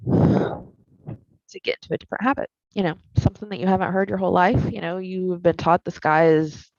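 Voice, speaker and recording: A woman therapist teaches a skills class, candid and conversational, her fairly low voice gravelly and swinging widely in pitch. The recording is dry and a little dull. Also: darkish tone, no echo.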